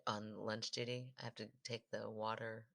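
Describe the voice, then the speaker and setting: A woman co-hosting a podcast in casual chat, animated and quick with agreeing fillers. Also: very deep voice, gravelly. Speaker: podcast co-host.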